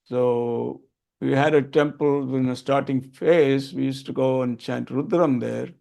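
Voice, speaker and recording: Older man, gravelly teacher. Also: mid-range voice, steady tone, unhurried, dark tone. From Tamil Nadu, India. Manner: earnest, emphatic, repeats key points. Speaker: Vedic chanting teacher. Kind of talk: explaining a lesson to a group.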